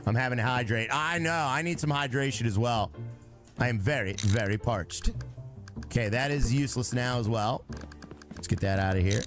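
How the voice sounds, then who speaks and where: A man's voice: medium pitch, moderate pace, soft background music. A young man live-streaming a game, chatting with his viewers and talking himself through it in a joking way. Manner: chatty, talks to himself and chat; joking, breaks into sung lines.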